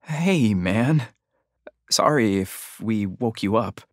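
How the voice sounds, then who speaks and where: A man voicing a frightened young man who pleads and then shouts in panic, his voice swinging widely. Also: on the low side, lively intonation, takes it slowly, no echo, studio quality, voice pushed up. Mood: panicked. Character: frightened young man confronting a knife-wielding man.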